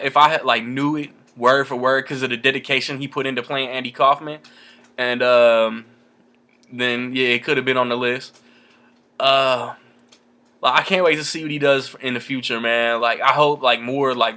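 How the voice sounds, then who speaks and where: Young male vlogger, casual profane rambling delivery, bright forward voice. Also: medium pitch. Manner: loose and profane, heavy filler words. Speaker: vlogger reviewing movies. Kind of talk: casual movie rant to camera.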